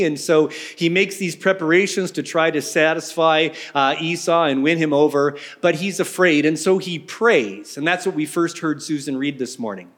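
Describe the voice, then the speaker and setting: A man's voice: fairly high pitch, moderate pace, few pauses, a bit bright. A man preaching a casual sermon as a pastor, telling the story in a chatty way with joking asides.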